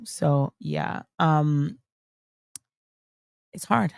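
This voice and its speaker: A woman livestreamer talks bluntly and dismissively, full of fillers and restarts. Her voice is gravelly and creaky. The sound is dry and close, with no room echo. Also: low-pitched, fairly even intonation, extremely slow, long pauses. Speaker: streamer. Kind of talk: casual livestream commentary. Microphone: streaming mic on camera.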